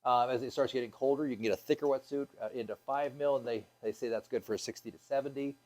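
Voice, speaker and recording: A man's voice: mid-range voice, steady tone, fast talker, darkish tone. Casual upbeat male scuba instructor. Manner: casual and upbeat, many ums and uhs, asks the class questions. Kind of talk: classroom teaching.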